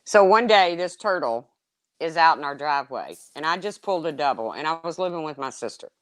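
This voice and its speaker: A woman telling casual stories, swearing freely and swinging between loud exclaims and low asides. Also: animated, a little fast, no echo. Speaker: storyteller. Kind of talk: casual chat.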